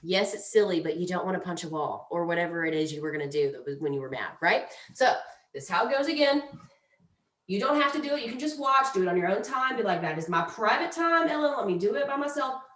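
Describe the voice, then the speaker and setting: Woman, lowish voice, playful mindfulness teacher, casual and chatty. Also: animated, quick pace, fairly bright tone. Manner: chatty, playful, demonstrates breathing exercises aloud. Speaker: mindfulness instructor. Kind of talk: casual instructional talk.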